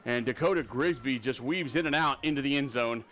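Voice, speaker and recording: A man calling a live high school football game play by play, rapid and excitable on big plays, with a Texan accent. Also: faint music behind. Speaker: play-by-play announcer.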